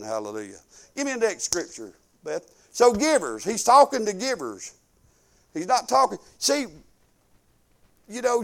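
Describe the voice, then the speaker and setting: An older man preaches in a homely, conversational way. His voice sits high, and he pushes into loud, emphatic bursts as he drives each point home. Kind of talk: sermon.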